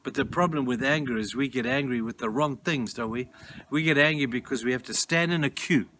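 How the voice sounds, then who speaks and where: Male pastor, mid-pitched, emphatic sermon delivery, background noise on the track. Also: a little fast, bright, forceful tone. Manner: earnest, emphatic preaching, urging listeners. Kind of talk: devotional sermon. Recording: noisy recording.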